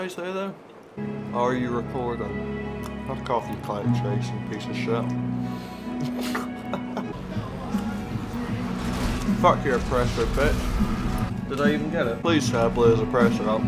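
A man giving casual, sweary gameplay commentary, taunting and mocking other players. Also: mid-range voice. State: stoned. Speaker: gaming YouTuber.

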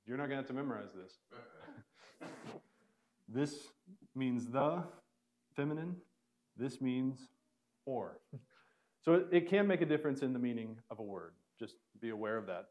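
A man's voice: mid-range voice, lively intonation, unhurried, pauses often, darkish tone, a little hiss or hum. Man teaching a casual classroom lesson. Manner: casual, filler-heavy explaining with restarts. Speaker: Bible Greek teacher. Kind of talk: classroom lecture. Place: church classroom.

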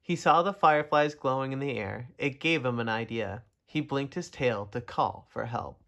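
A man reading a children's story aloud, gentle and expressive, talking to young listeners. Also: mid-range voice, moderate pace, creaky. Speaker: storybook reader.

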